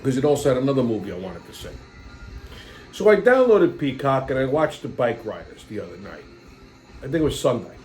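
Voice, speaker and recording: A man's voice: medium pitch, sing-song, fairly quick, a little mellow, faint music behind. A man in his fifties hosting his own show, ranting casually and profanely with lots of animation. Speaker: host. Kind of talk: casual monologue.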